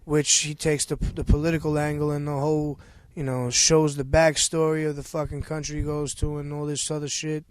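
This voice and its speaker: A middle-aged man with a New York accent chats on a podcast in a relaxed, profane way, telling stories. His voice sits a little high, and the room is dry and close. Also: a little fast, few pauses, clear, resonant tone, no echo. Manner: profane, laid-back storytelling. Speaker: guest rapper. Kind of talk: casual podcast chat.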